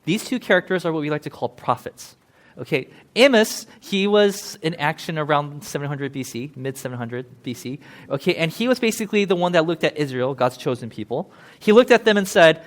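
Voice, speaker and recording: A man preaching in a church with an easy, conversational style. His voice sits a little high, and he talks loosely and jokes with the congregation as he explains the text. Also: lively intonation. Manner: chatty, joking, with quick laughs. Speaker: pastor. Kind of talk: casual sermon.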